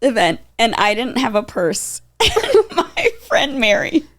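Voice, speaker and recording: A woman's voice: on the high side, sing-song, slow, fairly bright tone. A woman co-hosting a podcast, telling stories in casual chat and laughing through her words. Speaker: podcast co-host. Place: Los Angeles.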